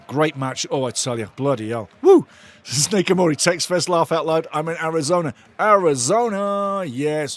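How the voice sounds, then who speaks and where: A man hosting a live football watch-along, shouting and swearing excitedly while calling the play and reading out chat messages. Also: a little high. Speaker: watch-along host and fan commentator. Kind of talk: live fan match commentary, reading chat.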